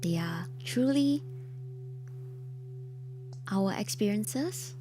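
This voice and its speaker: A young woman hosting a horror story stream, speaking in a slow, hushed, half-whispered and theatrical way, like a spooky storyteller setting the mood. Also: mid-range voice, expressive, background noise. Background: soft ambient music with singing bowl tones.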